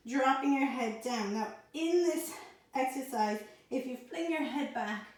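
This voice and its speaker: Woman, fairly high voice, pilates instructor, calm breath cues, slightly out of breath, very echoey room. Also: a little slow. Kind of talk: guided workout instruction.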